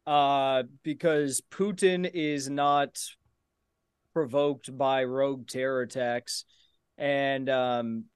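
A man argues in a heated online debate, speaking at length and throwing taunts at his rival. His voice is smooth and resonant, and the recording is close and dry. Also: medium pitch, no echo. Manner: taunting, repeats insults over his opponent.

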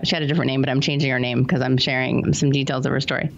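A woman's voice: extremely low pitch, fairly even intonation, racing, gravelly, dull audio. A woman guest on a podcast, a money coach telling client stories in an earnest, casual way. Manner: earnest, anecdotal, acts out quotes. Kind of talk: casual interview storytelling.

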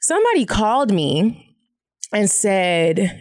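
A woman in her thirties, co-hosting a podcast, telling an animated story in casual chat and swearing freely. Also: lowish voice, fast talker, no echo, studio quality. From Texas. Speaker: podcast co-host.

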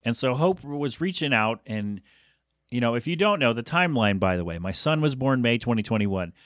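Male podcast host, thirties, rapid rambling delivery, dry close mic, mid pitch. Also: expressive, a bit bright, no room sound. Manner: fast, self-interrupting, chatty. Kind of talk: rambling solo podcast monologue.

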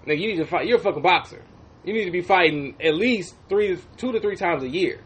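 A man co-hosting a podcast in casual banter, profane and animated, often laughing and acting out quotes from others. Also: sits high, fast talker, husky. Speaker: podcast co-host.

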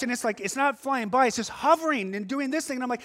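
A middle-aged man preaching a sermon, telling stories animatedly and swinging from loud outbursts to hushed asides. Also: high-pitched, a little fast. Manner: animated storytelling with sudden shifts from loud to hushed. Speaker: pastor. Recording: long hall reverb.

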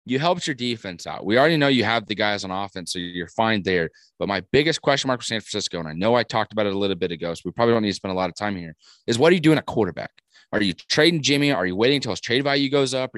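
A man co-hosting a casual sports podcast, talking in a brash, animated way and swearing freely. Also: mid-range voice, no echo, clean studio sound. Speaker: podcast co-host.

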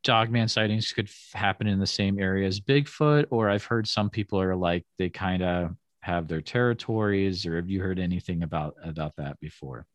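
A man's voice: low-pitched, moderate pace, few pauses, no echo. A man interviewing a guest in casual chat, mostly giving short back-channel replies. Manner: brief back-channel responses. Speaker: podcast interviewer.

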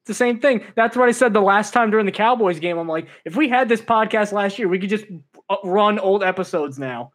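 A man's voice: sits high, fairly quick, a bit bright. Dry, sarcastic man on a podcast. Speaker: podcast co-host. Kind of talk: casual sports podcast chat.

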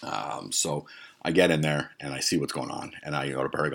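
Deep husky storyteller. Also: male voice, steady tone, quick pace, fairly bright tone. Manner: heavily profane, heated retelling. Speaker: podcast host. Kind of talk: comic storytelling monologue.

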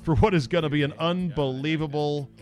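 A man's voice: a little high, brisk, darkish tone, soft background music. A man hosting a podcast, talking casually in a blunt, crude, jokey way. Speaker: podcast host. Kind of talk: casual opinionated podcast talk.

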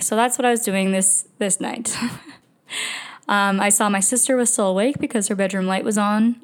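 A woman's voice: mid-range voice, clean tone. Young woman, podcast host, casual storytelling, chatty, lots of fillers and restarts.

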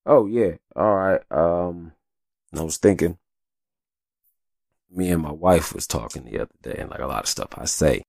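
A podcast host with a low, gravelly, slightly mellow voice tells stories at a moderate pace, pausing often. His casual monologue is loose, chatty and profane, and he keeps asking "you know what I'm saying". The recording is dry and clean, with studio sound.

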